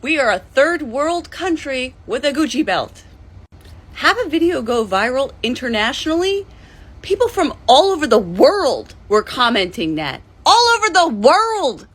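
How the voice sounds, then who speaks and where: A woman's voice: sits high, sing-song, unhurried, fairly bright tone. A woman talking insistently to camera and repeating her point. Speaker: social media creator. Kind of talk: casual talk to camera.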